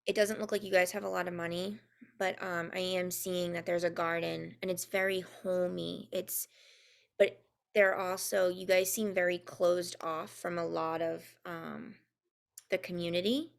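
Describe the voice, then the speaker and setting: A young woman giving a casual spoken intuitive reading, halting and full of ums, sometimes spelling words out. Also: lowish voice, flat delivery, vocal fry. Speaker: intuitive reader and co-host.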